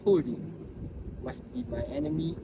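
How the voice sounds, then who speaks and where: A man doing a cold, clipped gang boss, voice slightly high, distant mic, loud noise behind. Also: expressive, moderate pace, lightly acted. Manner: clipped, accusing, flares into shouting. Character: hard, cold male gang leader.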